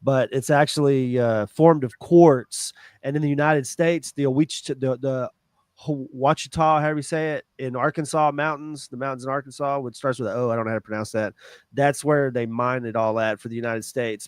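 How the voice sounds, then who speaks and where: Smooth-voiced man, dry close sound. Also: mid-range voice, fairly even intonation, brisk, no echo. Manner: rambling explanations with many restarts. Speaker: podcast co-host. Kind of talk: casual chat.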